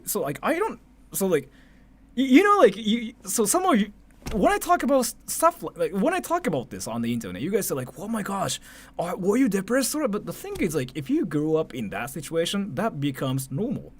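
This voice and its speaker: This livestreamer is a Japanese man in his thirties whose accented, high-pitched voice runs a little fast. Chatting casually and with animation, he laughs often and drops swear words between his fillers.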